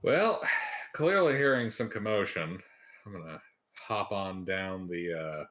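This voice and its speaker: A man playing in a tabletop game, making dry, unhurried remarks. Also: sits low, animated, fairly bright tone. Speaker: player. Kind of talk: casual tabletop play over voice chat.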